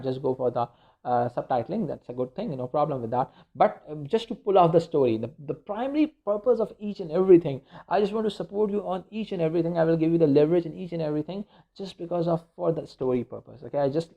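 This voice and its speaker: Male media teacher, raised pitch, gravelly, loose lecture, dull lo-fi sound. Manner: rambling, many fillers and restarts. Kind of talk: informal recorded lecture. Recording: dull lo-fi recording.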